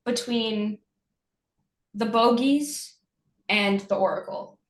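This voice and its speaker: A woman playing a tabletop role-playing game, asking quick, eager questions. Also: a little high, echoey room. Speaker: player. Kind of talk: tabletop role-play chat.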